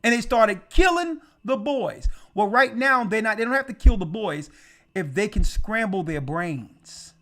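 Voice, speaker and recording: A man speaking as a church elder, telling a testimony in an animated conversational way and repeating words for emphasis. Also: high voice, a little slow.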